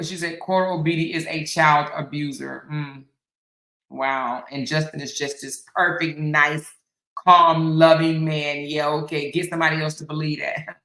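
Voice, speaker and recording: A woman's voice: low-pitched, fairly bright tone, echoey room, poor audio. A woman hosting a casual commentary stream, reading viewer comments aloud in a sassy, mocking way and laughing often. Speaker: host.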